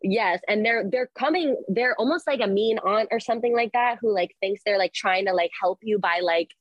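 Gentle woman therapist, dry close sound. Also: mid-range voice, brisk, no echo, lo-fi sound. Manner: gentle, explains concepts, acts out inner voices. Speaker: therapist guest. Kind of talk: explanatory interview talk.

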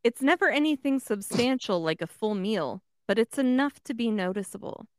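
A woman co-hosting a podcast, reading a letter aloud at a steady pace. Her voice moves freely up and down. The sound is dry and close. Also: a little high, moderate pace, dry recording. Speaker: podcast co-host. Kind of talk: casual chat and reading aloud.

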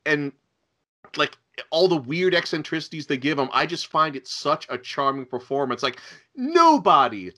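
A man's voice: fairly high pitch, sing-song, moderate pace, pushed and bright. A man co-hosting a podcast, talking earnestly and with enthusiasm, often stammering as he starts his sentences. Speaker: podcast co-host. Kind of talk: casual chat.

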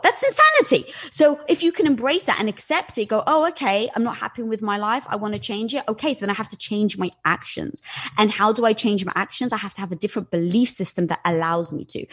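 A woman's voice: a little high, breathy edge. A woman guest talking candidly and animatedly in conversation, with a lot of "like" fillers. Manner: animated, lively, with frequent "like" fillers.

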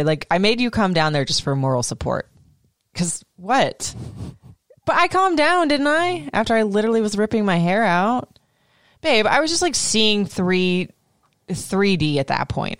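A woman in her thirties, co-hosting a casual chat, animated and swearing freely. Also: fairly low pitch, no room sound, clean studio sound. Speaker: podcast co-host.

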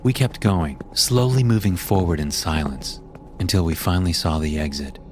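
A man narrating a scripted horror story in a measured, grim way. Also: low-pitched, noisy background. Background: background music.

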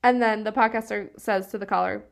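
With a medium-pitched, fairly flat voice marked by vocal fry, this northeastern Pennsylvania woman co-hosts a true-crime podcast at a brisk clip. Her talk is relaxed and full of fillers, broken up by frequent laughter.

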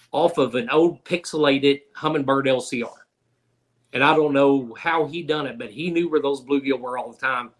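A man's voice: mid-range voice, fairly bright tone. A man, a guest in a casual interview, telling fishing stories in an easygoing, folksy way. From Kentucky.

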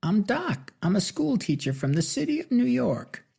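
A huge, beaming man who speaks in a shrill, screechy voice far above his size. The tone stays gravelly and dark underneath the squeak. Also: sing-song, normal speed, full character voice. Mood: proud.

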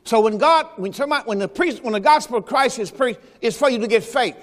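A man's voice: very high-pitched, fast talker, fairly bright tone, long reverb tail. A man preaching a Sunday sermon as pastor, in a folksy style that mixes scripture quotes with rhetorical questions. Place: church during Sunday service.

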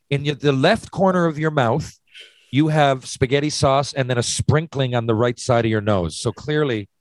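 A man's voice: medium pitch, no room sound, low-quality recording. A man hosting a casual chat, posing hypothetical questions with lots of restarts and swearing. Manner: rambling, restarts, profane. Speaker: podcast host.

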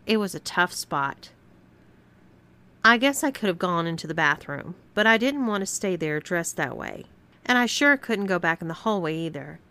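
A woman reading a scripted first-person story aloud as narrator, with expressive storytelling. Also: fairly low pitch, normal speed, smooth.

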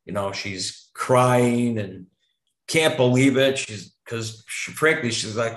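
A man's voice: medium pitch, slow pace, fairly bright tone. A man guest telling a story in casual conversation, rambling with frequent restarts and some swearing. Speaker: podcast guest. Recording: echoey room.

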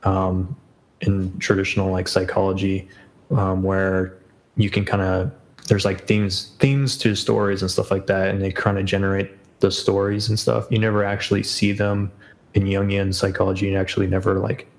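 A man's voice: deep voice, flat delivery, normal speed, low-quality recording. A man as a podcast guest in casual chat, rambling with many fillers and self-corrections.

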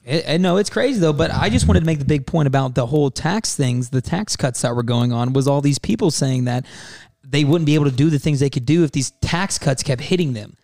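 A man with a fairly high-pitched voice trades crude jokes in casual podcast chat. He throws in wisecracks and swears freely. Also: fairly quick, gravelly, darkish tone. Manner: joking, crude banter. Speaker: podcast co-host.

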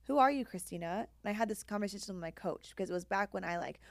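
Podcast co-host, woman, mid-pitched, blunt and candid, swears freely, dry close sound. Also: quick pace, no room sound. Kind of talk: casual podcast chat.

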